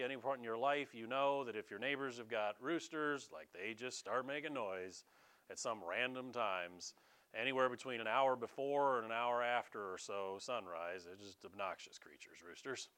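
A man's voice: mid-range voice, moderate pace, pushed and bright, clean tone. An American man preaching a sermon in a casual, conversational way, now and then mimicking regional accents. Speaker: pastor.

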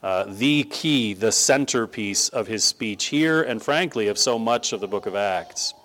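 A man preaching a sermon in a conversational style that builds to emphatic, animated stress. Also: on the low side, measured pace. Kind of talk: sermon teaching.

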